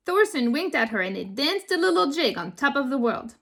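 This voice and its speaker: Animated woman reading a children's story. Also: high voice, normal speed, hardly any pauses. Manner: animated and expressive, asks the listener questions. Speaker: author reading her own book. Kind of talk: children's storybook read-aloud.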